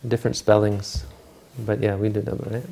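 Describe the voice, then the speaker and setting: A man's voice: lowish voice, little pitch movement, a little fast, creaky, dark tone. A man retelling a Buddhist scripture story in a talk, informal and searching aloud for words and names.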